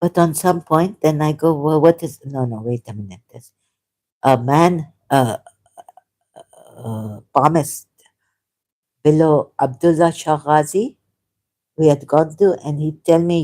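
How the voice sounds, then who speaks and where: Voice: medium pitch, unhurried, pauses often, dark tone. A speaker from Pakistan, telling a story in casual chat, rambling and interrupting themselves. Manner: rambling, self-interrupting, loses the thread.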